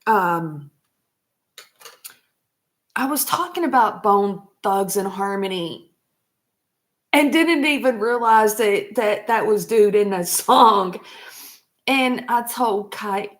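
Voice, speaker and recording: A woman's voice: medium pitch, lively intonation. A woman chatting casually on a vlog, rambling loosely, laughing often and swearing freely. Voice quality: unhurried, trailing talk. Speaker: vlogger.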